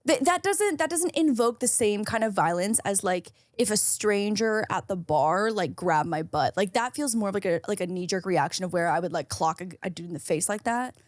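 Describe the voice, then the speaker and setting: A young woman co-hosting a podcast, telling a story in casual chat, full of "like" and quoting people in a high, put-on voice. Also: moderate pace, few pauses, dry recording, studio quality. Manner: animated, lots of "like", quotes people in a high put-on voice. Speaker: podcast co-host.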